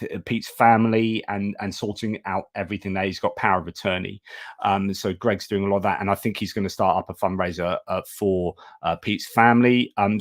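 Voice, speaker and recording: A man with a fairly low voice runs a live stream on a video call, chatting loosely, thanking supporters, and frequently restarting himself amid lots of fillers. The audio is studio quality, with no room sound.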